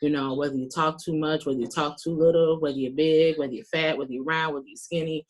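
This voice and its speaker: A woman's voice: sits low, steady tone, fast. A talkative, earnest woman giving folksy closing remarks as a panelist on a video call. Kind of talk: round-table closing remarks. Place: virtual meeting.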